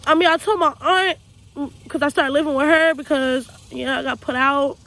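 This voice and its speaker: A woman's voice: high-pitched, fairly even intonation, normal speed, a bit bright, low-quality recording. A young woman from Texas telling her life story to camera, earnest and raw, often repeating herself in loose casual speech. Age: young adult. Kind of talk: personal storytime monologue.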